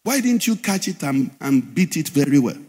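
A man's voice: a little high, very animated, moderate pace, dark tone, breathy edge, in a large hall. A man preaching a sermon as pastor, asking the congregation questions as he teaches.

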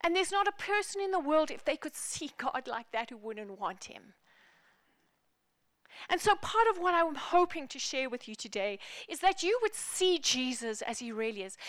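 A woman pastor preaching a sermon in an animated, playful, emphatic way. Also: high-pitched, no echo, studio quality.

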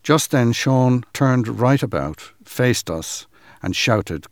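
A man giving a measured, dramatic reading of a first-person account. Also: mid-range voice, animated, dry recording, studio quality.

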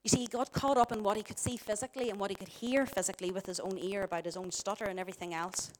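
A woman's voice: medium pitch, steady tone, rapid-fire. A middle-aged woman with a Northern Irish accent preaching a sermon, emphatic and full of rhetorical questions to the congregation.

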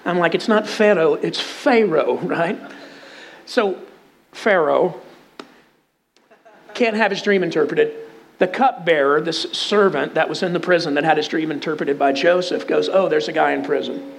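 A man with a Texan drawl preaches, his voice sitting high for a man. He retells scripture in a loose, conversational way, with asides and humor. A faint hum of the room sits underneath. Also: moderate pace, gravelly, long pauses. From Texas. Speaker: pastor. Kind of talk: sermon.

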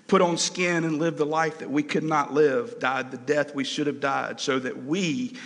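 A man's voice: fairly high pitch, fairly even intonation, moderate pace, a bit bright, big-room sound. A man preaching a sermon, earnest and emotional, his voice rising and falling as he repeats key phrases.

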